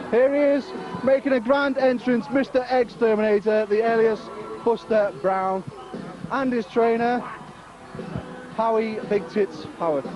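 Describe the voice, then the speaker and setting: Excitable man doing mock commentary. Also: extremely high pitch. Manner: excitable, theatrical and jokey. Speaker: master of ceremonies and commentator. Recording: muffled amateur video with loud crowd.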